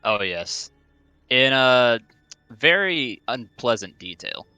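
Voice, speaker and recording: A man playing a tabletop role-playing game, making loud, joking interjections. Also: medium pitch, very animated, slow pace, clear, resonant tone, no room sound, soft background music. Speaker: player.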